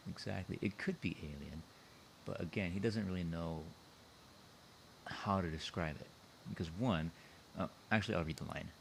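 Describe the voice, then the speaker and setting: A man with a deep, low voice talks casually over a computer mic on an online call. He thinks aloud, circling back to the same points as he explains his own story. A faint hiss sits under his voice. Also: moderate pace, gravelly, long pauses, fairly bright tone, low-quality recording.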